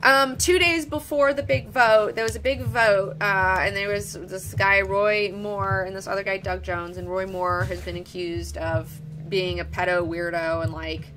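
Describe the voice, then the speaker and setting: A young woman from Alabama, hosting a casual live stream, animated and profane, jumping from loud excitement to mumbled asides. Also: mid-range voice, unhurried, soft background music, poor audio. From Alabama, United States. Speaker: host.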